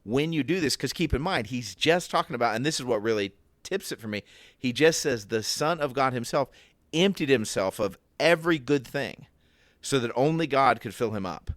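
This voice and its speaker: A man's voice: medium pitch, lively intonation, moderate pace, fairly bright tone, dry recording. A man co-hosting a casual Bible discussion podcast, thinking aloud and acting out the questions in his head. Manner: reflective, thinks aloud with restarts and acted inner questions. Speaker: podcast co-host.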